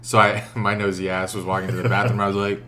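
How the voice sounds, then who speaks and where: A man's voice: on the low side, level tone, quick pace, pushed and bright. A man co-hosting a podcast, recounting a trip in a chatty, teasing way. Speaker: podcast co-host. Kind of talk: casual chat.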